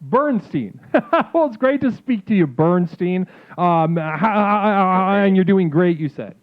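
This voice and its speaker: A man's voice: high voice, animated, a little slow. A man hosting a comedic live call-in stream, reading chat aloud in a mock-spiritual, swearing manner. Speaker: livestream host. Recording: phone-like lo-fi sound with music behind.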